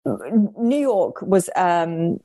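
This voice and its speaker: A woman's voice: on the low side, sing-song, drawn-out words, mellow, no room sound. A young woman casually telling a story, chatty and swearing, acting out the voices she quotes.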